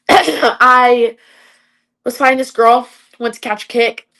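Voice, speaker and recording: A woman's voice: fairly high pitch, steady tone, slow pace, sharp tone. A young adult woman, an MMA fighter, chatting as a podcast guest and telling stories, with lots of "like" fillers. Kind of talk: casual interview storytelling.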